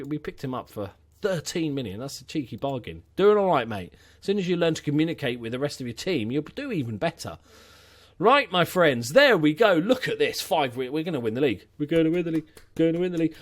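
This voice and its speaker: Man, young adult, let's-play commentary, rambling, fairly high, animated pitch. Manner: chatty and opinionated, rambling asides. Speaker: gaming YouTuber.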